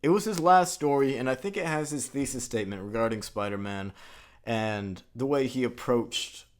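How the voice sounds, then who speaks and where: A man's voice: mid-range voice, moderate pace. A man hosting a video essay, who narrates in a conversational way with filler words and the occasional swear.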